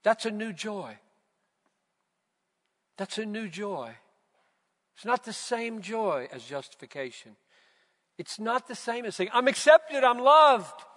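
A man preaching a sermon, slow and emphatic, building to loud, fervent repetitions. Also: sits high, big pitch swings. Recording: long reverb of a large hall.

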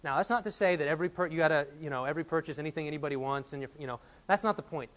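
Higher-voiced man preaching a sermon. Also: racing, fairly bright tone. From Texas. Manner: storytelling, builds to emphatic urgency. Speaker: pastor.

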